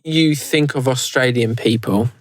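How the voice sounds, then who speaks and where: A British man co-hosting a podcast, talking in a loose, rambling way and often breaking off to restart a sentence. His voice is mid-pitched and sounds close and dry, with little room around it. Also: measured pace, no room sound. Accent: British English. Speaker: podcast co-host. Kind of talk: casual podcast chat. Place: recorded live in a converted prison.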